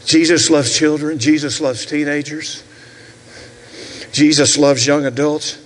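A man in his sixties with a Southern US accent, preaching a sermon as pastor with shouted, rhythmic repetitions and asides to the congregation. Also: fairly high pitch, fairly even intonation, a little slow, in a large hall. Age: 60s. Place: church sanctuary.

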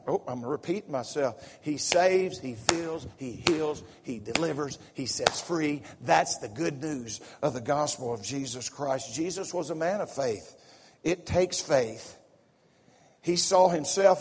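Fervent folksy preacher, slight Southern drawl. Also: male voice, a little high, breathy edge. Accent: Southern US, slipping in from home visit. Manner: excitable, folksy preaching with repetitions and asides. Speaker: pastor. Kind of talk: sermon. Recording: echoey sanctuary reverb.

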